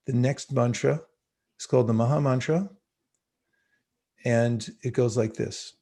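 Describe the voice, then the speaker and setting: A man with a warm, mid-range voice runs a spiritual class online via video call. He speaks reflectively and chants mantras at a slow pace for his listeners to repeat.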